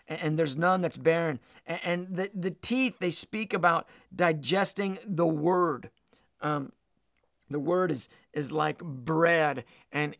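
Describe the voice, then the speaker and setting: A man's voice: on the high side, creaky, a bit bright, no echo, studio quality. A man preaching a sermon, earnest and repeating words as he goes.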